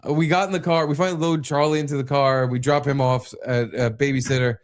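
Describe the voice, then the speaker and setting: A young man co-hosting a podcast, telling a story in an animated way and swearing freely. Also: medium pitch, fast. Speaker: podcast co-host. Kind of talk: casual chat.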